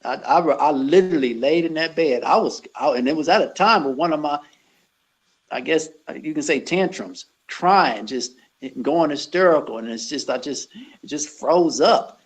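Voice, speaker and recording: Gravelly earnest man. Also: fairly high pitch, poor audio. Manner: halting, earnest, many restarts. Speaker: gym owner and personal trainer. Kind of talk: conversational interview.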